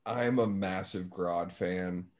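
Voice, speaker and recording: A man's voice: low-pitched, slow pace. A man with an English accent in casual podcast chat, rambling and restarting his thoughts.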